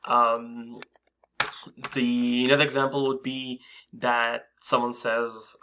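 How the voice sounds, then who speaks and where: Bright-voiced man teaching coding casually. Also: medium pitch, level tone, slow pace, a little hiss or hum. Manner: casual, hesitant, many fillers and restarts. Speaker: coding instructor. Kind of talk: screen-recorded coding tutorial.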